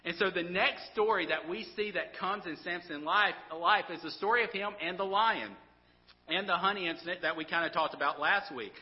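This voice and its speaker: A man's voice: high voice, brisk, in a large hall, highs cut off. A man preaching a sermon in a casual, conversational way, often restarting his words and checking in with the listeners. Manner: casual, conversational preaching with frequent restarts and "all right?" asides. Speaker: pastor.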